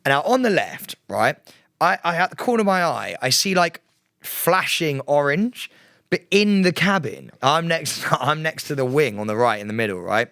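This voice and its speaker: A young British man co-hosts a podcast, telling a story in relaxed conversation with a fairly high-pitched voice at a normal pace. He's animated, laughs a lot, and acts out what people said. The studio-quality recording has no room sound.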